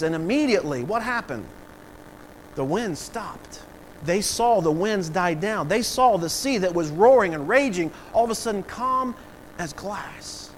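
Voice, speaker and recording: A man's voice: sits high, moderate pace, a little hiss or hum, low-quality recording. A man preaching a sermon as pastor, acting out voices and swelling in volume for emphasis.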